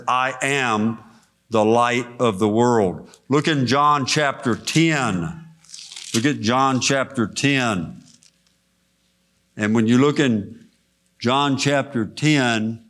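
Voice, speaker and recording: A man's voice: medium pitch, fairly bright tone. A middle-aged man preaching a sermon in an auditorium, folksy and conversational, telling personal stories. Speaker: preacher and director of chaplaincy.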